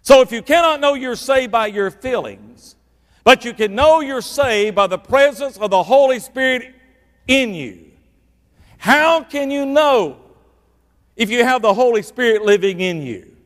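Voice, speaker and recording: A middle-aged man preaches with a notably high voice. He lurches from loud, punchy bursts down to hushed, low asides to drive his points home. The sound carries the long reverb of a large hall. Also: measured pace. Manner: animated, swings from loud to hushed for emphasis. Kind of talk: sermon.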